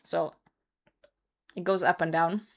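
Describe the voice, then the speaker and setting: A woman's voice: fairly low pitch, fairly even intonation, takes it slowly. A young woman streamer chatting casually with her chat while gaming, laughing often and swearing now and then. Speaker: live streamer.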